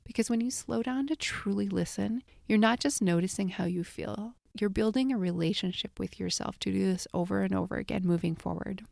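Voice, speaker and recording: A woman hosting a solo podcast as a life coach, her voice slightly scratchy from a recent illness, speaking gently and reflectively to the listener as a friend. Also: medium pitch, brisk, creaky, few pauses, dry recording.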